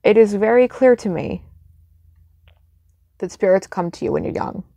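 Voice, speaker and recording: A woman's voice: medium pitch, animated, normal speed, creaky, dark tone, no room sound. A young adult woman giving blunt, emphatic advice in a casual vlog, swearing freely. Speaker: witchcraft vlogger.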